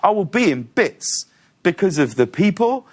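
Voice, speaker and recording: A middle-aged man chats as an interview guest, swinging between laughter and hushed, earnest telling. His voice sits a bit high for a man, and his stories move quickly. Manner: animated, laughing storyteller. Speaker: talk show host, guest. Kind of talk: casual interview storytelling.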